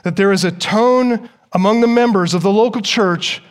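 A man preaching a sermon as pastor, emphatic and full of rhetorical questions, rising loud and dropping soft. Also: high voice, normal speed, clean tone.

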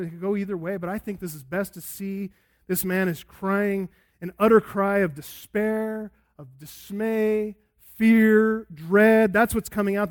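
A man preaching an expository sermon as a pastor, emphatic and swinging between loud and hushed delivery. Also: high voice.

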